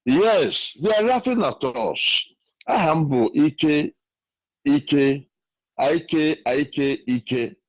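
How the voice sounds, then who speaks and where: A man's voice: fairly high pitch, animated, drawn-out words, dry recording, poor audio. A man from Nigeria with a Nigerian accent, calling in to a radio show and telling a story earnestly, repeating his phrases. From Nigeria (Imo State). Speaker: caller. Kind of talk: call-in testimony, storytelling. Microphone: phone call.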